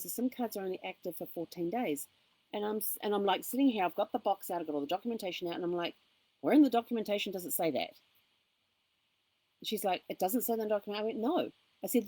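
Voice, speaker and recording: Husky woman retelling a phone call. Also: mid-range voice, no echo. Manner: animated retelling with quoted dialogue. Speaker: vlogger. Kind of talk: casual storytelling vlog. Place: campground.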